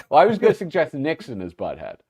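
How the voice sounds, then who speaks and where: A man's voice: a little high, darkish tone, slightly rough. A man with a Minnesota accent, hosting a podcast in casual, laughing banter. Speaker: podcast host. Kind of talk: casual chat.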